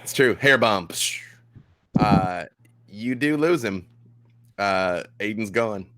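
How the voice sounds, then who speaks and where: A man narrating as game master in a tabletop game, with measured, descriptive narration. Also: lowish voice, animated, fairly bright tone, dry recording.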